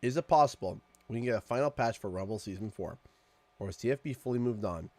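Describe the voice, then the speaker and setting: Lively Canadian man joking on stream. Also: fairly low pitch, fast talker, no room sound. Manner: joking, animated, playful complaining. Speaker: streamer host. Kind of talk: casual live-stream chat. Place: home room with his 3D printer.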